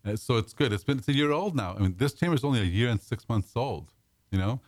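A man's voice: mid-range voice, expressive, quick pace, dry recording, clean studio sound. A man hosting a casual talk show, rambling and often restarting his sentences. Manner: rambling, self-correcting, repeats words. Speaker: radio show host.

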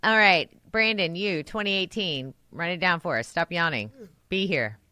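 A woman hosting a casual group chat, teasing her guests and breaking into loud laughs. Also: lowish voice, moderate pace, clean tone, no echo. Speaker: host.

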